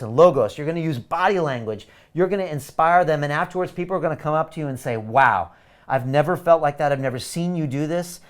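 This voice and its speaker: Urgent, fired-up man pitching a course. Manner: energetic, urgent, pushy and emphatic. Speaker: webinar host selling a course. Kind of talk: live webinar sales pitch.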